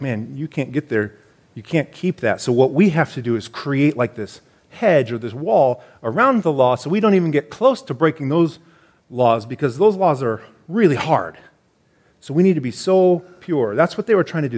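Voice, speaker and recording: A man, a church elder preaching a sermon in a conversational, explanatory way with animated emphasis. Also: mid-range voice, moderate pace.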